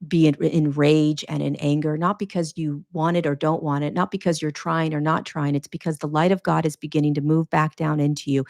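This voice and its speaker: Her low, warm voice carries an earnest spiritual-teacher monologue on the podcast she hosts. She is emphatic and repetitive, using a preaching cadence that repeats phrases for weight.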